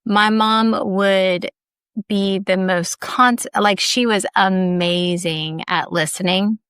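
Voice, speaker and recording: Speaking slowly in a steady, medium-pitched voice that's fairly bright, clear, and resonant, a woman from Ohio tells personal stories on her podcast. She's candid and reflective, sprinkling in "like" and light laughter, with studio-quality sound and no echo.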